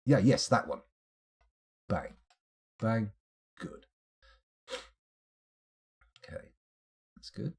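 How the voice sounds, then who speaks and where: A British man streams a strategy game live, muttering to himself while clicking through menus and occasionally answering his chat. His lowish, gravelly, slightly rough voice swings widely in pitch, and he speaks extremely slowly with long pauses.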